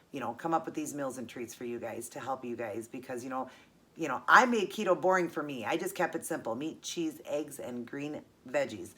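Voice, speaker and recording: A woman's voice: a bass voice, fairly bright tone. A middle-aged woman vlogger chatting casually and earnestly as she unboxes gifts, gushing and emotional.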